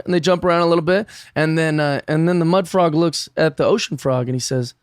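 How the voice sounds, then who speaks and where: Excitable American man telling stories. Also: on the high side, quick pace, hardly any pauses, clean tone, no room sound, clean studio sound. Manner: animated, storytelling, excitable laughs. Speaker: guest comedian. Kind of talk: casual podcast chat.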